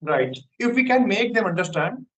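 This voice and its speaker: A man's voice: sits high, big pitch swings, normal speed, rough recording. A man in a casual English practice conversation, answering earnestly with repeated words and fillers. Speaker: conversation partner answering questions.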